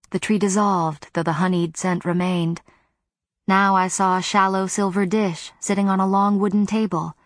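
A woman narrating a first-person novel in a measured, even reading voice, on a close studio mic. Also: medium pitch, no room sound. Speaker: audiobook narrator.

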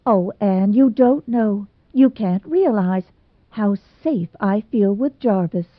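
A woman's voice: mid-range voice, expressive, slow, dry recording. A woman voicing a timid, plump young bride who talks in breathless, pleading bursts and stammers. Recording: dry tinny phone-like sound.

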